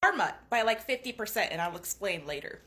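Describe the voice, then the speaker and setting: A young woman in her twenties casually recapping a book, gossipy and animated, swearing freely. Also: mid-range voice, a little fast. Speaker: booktuber.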